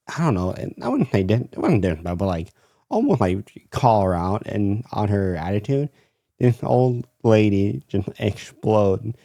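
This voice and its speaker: Low-voiced man, rambling storyteller. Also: warm tone, dry recording, clean studio sound. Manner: rambling, lots of fillers. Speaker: retail worker telling a story. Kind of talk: casual storytime.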